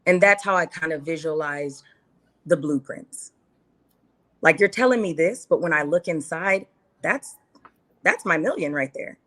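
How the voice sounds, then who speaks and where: A woman's voice: sits low, measured pace, long pauses, bright, forceful tone. A woman guest talking candidly in an interview, earnest and heartfelt, repeating phrases for emphasis. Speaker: podcast guest.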